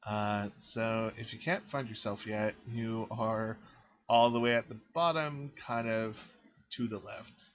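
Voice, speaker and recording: Male game master, unhurried, hesitant delivery, lo-fi call audio. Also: lowish voice. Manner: halting, with frequent fillers. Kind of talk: narrating a tabletop game.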